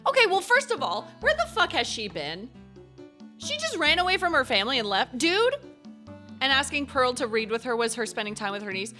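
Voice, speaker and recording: Young woman streamer, high lively voice, excitable let's play commentary with swearing. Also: moderate pace. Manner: excitable, swears, reads game text aloud. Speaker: gaming streamer. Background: game music.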